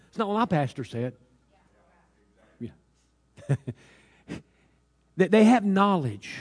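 Guy preaching a sermon, kinda high voice, storytelling then gets fired up, lots of hallelujahs. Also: husky. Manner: storytelling that builds to loud, fervent preaching; repeated hallelujahs and restarts.

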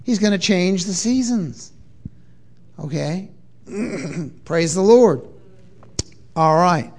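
A man's voice: sits high, animated, extremely slow, darkish tone. A man preaching a sermon to a congregation in a church, emphatic, asking the crowd to repeat words and answer back. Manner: call-and-response with congregation, emphatic.

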